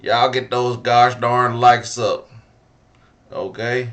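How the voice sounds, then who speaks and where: A man's voice: medium pitch, level tone, slow pace, pauses often, fairly bright tone. A man hosting a reaction video, teasing his viewers in playful joking commentary. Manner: playful, teasing, chuckling at the chat. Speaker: host reacting to a clip.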